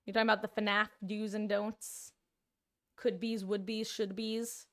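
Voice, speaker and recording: A woman streaming a video game, chatting casually with her viewers and reacting excitedly to the play. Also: mid-range voice. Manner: chatty, excitable, quick to laugh. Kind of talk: casual gameplay commentary.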